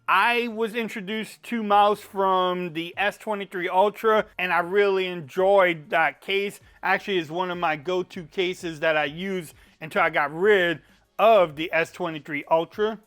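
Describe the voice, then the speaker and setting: Cajun guy, high smooth voice, folksy casual tech reviewer. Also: a bit bright. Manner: chatty, folksy, says y'all.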